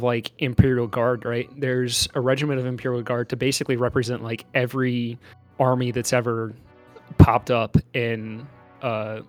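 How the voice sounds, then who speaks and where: Guy rambling casually on a podcast, lots of likes and uhs, quiet music in the back. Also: medium pitch. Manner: chatty, loose, full of "like" and "uh" fillers. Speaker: podcast co-host. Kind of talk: casual chat about a movie.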